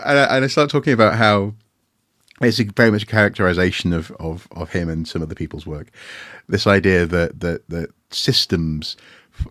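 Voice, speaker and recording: A man's voice: deep voice, a bit bright, no room sound, studio quality. A man co-hosting a casual podcast, telling a rambling, self-mocking story with lots of restarts. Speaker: podcast co-host. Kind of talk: casual anecdotal chat.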